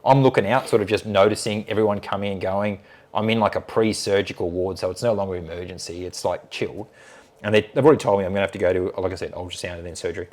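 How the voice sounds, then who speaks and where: Lower-voiced man telling a story. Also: fast talker. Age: late 30s. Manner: animated, swears freely, acts out others' lines. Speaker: podcast guest. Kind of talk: casual storytelling chat.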